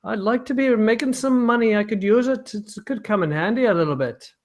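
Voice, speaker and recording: A man's voice: sits high, fairly quick, voice pushed up. A man voicing an eager, money-hungry male questioner in a made-up accent.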